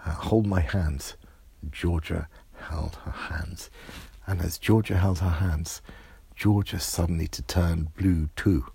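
A man telling an improvised bedtime story in a soft voice that often drops to a whisper. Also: deep voice, fairly even intonation, slow pace, gravelly, breathy edge, no room sound.

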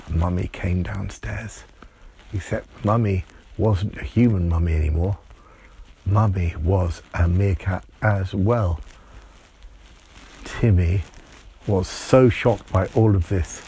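A man telling an improvised bedtime story in a lively, playful way. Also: deep voice, slow, long pauses, slightly rough.

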